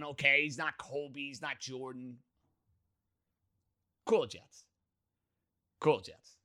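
A man's voice: mid-range voice, sharp tone. A man hosting a sports talk radio show, emphatic and opinionated.

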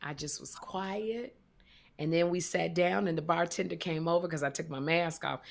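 A woman's voice: lowish voice, normal speed, creaky. A woman animatedly telling a dating story on a talk show, acting out the voices of the people in it and laughing often. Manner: lively, acts out voices in her stories, laughs often. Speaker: guest telling dating stories.

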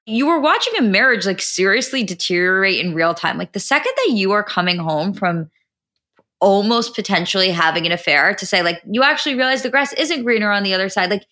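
Bright-voiced chatty woman podcast host. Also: mid-range voice, fairly quick. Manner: animated, fills talk with "like", swears. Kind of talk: casual recap chat.

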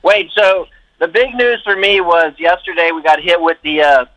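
A man's voice: a little high, steady tone, normal speed, a bit bright, no echo, low-quality recording. A man in casual chat, complaining in a wry, dramatic way.

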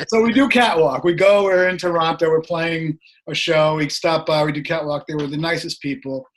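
Middle-aged man, slightly hoarse, raised pitch, lively anecdote teller on a video call. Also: normal speed. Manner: animated, laughs while telling anecdotes. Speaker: guest musician. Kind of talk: casual storytelling.

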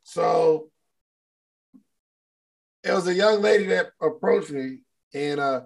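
A man with a high voice gives a casual motivational talk to viewers online. He is animated and playful. He often acts out little scenes to make his point. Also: slow pace, gravelly. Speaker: motivational speaker.

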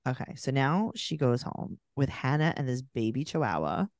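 A woman co-hosting a podcast recaps a reality show in casual, animated chat, acting out the people she quotes in their own voices. She has a bass voice at a moderate pace, recorded in studio quality with no echo.

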